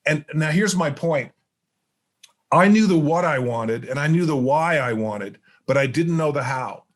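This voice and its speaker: A middle-aged man, a motivational speaker appearing as a podcast guest, telling stories in a lively way and acting out the dialogue. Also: a little high, a little slow. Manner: animated storyteller who acts out dialogue. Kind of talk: storytelling interview chat.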